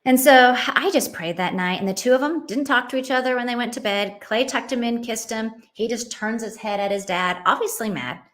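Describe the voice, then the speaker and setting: A middle-aged woman with a slightly high voice tells a story from her family life. She hosts a Christian parenting show and speaks in an earnest, heartfelt way. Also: a little fast, hardly any pauses, fairly bright tone. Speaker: Christian parenting podcast host. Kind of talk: personal storytelling.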